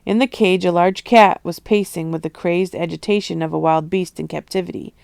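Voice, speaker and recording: A woman reading a novel aloud in a steady, expressive storytelling manner. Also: on the low side, brisk, vocal fry, dry recording, studio quality. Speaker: audiobook reader.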